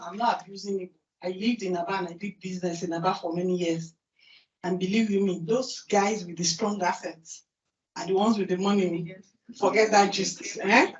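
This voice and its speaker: A woman with a Nigerian accent giving a lively conference talk, asking the audience questions and then answering them herself. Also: mid-range voice. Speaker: conference speaker. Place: large conference hall. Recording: distant, roomy, dull hall recording.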